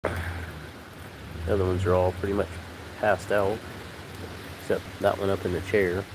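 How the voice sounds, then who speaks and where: A man chatting casually on a live stream from a porch, talking to his cats and his viewers in a relaxed, rambling way. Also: sits low, unhurried. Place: outdoors on a porch in the rain. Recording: rain noise outdoors. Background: rain.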